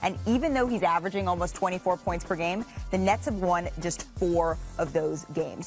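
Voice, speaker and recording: Lower-voiced female sports show host. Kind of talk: hosting a studio discussion. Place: TV studio.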